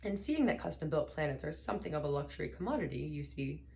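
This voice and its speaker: In an audiobook reading, a woman performs a full character voice as an elderly male planet builder who is mild, wistful and vague. Her voice is low and gravelly with big pitch swings, and her speech is gentle, slow and distracted, broken by sudden sternness.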